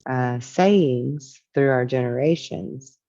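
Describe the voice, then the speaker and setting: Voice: mid-range voice, slow, warm tone, dull audio. A spiritual teacher talking casually and reflectively, reading from a book and musing on its ideas.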